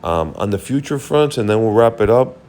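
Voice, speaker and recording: Casting: weary male host, very low voice, loose unscripted market chat, faint hiss. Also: lively intonation, a little fast, a little mellow. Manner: rambling, thinks aloud while checking charts. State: tired, yawning. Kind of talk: casual market recap.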